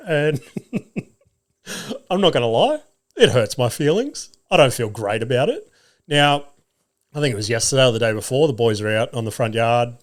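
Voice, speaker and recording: A man, hosting a solo podcast and telling sweary, animated stories about family life. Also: medium pitch. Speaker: podcast host.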